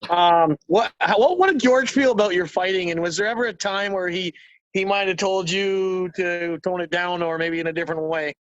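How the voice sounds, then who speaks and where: High-voiced man hosting, dry lo-fi sound. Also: moderate pace, dry recording. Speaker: podcast host. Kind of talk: casual interview chat.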